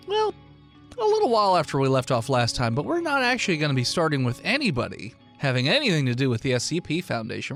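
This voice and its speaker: A man running a tabletop game as game master, relaxed and rambling. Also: fairly high pitch.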